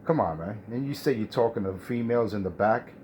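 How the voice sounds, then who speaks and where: A man's voice: fairly low pitch, animated, fairly quick, darkish tone, a little hiss or hum. A man on a CB radio mocking and lecturing another operator, repeating "man" as he talks. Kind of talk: trash-talking radio banter.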